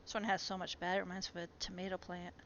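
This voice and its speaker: A woman's voice: on the low side, little pitch movement, fast, a bit bright. Chatty woman on a muffled live stream. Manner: chatty, talks to her plants and to viewers. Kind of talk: casual live-stream chat. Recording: muffled lo-fi stream audio with faint noise.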